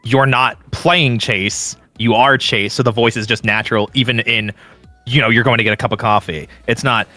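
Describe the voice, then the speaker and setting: A man's voice: mid-range voice, fairly even intonation, normal speed, pushed and bright, faint music behind. A man in a casual group chat, earnestly explaining how role-play works. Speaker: voice role-player.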